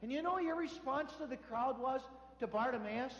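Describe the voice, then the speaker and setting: A man giving a sermon as a priest, telling stories in a lively way and acting out the voices of the people in them. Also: very high-pitched, moderate pace. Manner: animated storytelling, acting out voices in quotes. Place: church. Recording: echoey church hall.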